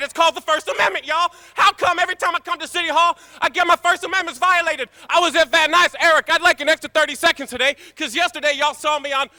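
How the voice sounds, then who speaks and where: Brash, high-voiced man at a podium. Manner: brash, swaggering street-style delivery, rising to shouts. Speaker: public commenter. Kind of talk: public comment at a city council meeting. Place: city council chamber.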